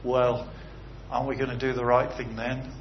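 A man's voice: mid-range voice, little pitch movement, moderate pace. A man preaching an earnest sermon that moves into a closing prayer, stressing his points with rhetorical questions. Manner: earnest, rising and falling emphasis with rhetorical questions. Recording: slightly dull recording with faint background hiss.

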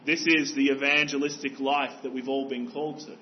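Earnest preaching pastor, dull recording. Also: male voice, mid-range voice, level tone, a little fast, a little hiss or hum. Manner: earnest, exhorting, rhetorical questions. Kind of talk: sermon.

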